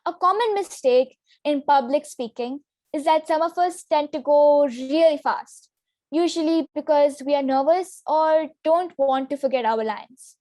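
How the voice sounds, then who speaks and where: A young woman presenting a public speaking lesson in a clear, instructive way. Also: sits high, darkish tone, no room sound, clean studio sound. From Singapore. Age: teenager. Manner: clear, instructive delivery with demonstration sentences. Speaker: student workshop presenter.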